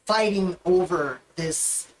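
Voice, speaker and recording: A woman's voice: on the low side, slow, slight background noise, poor audio. Rambling woman game master. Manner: casual, rambling, with many fillers. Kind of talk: narrating a tabletop game.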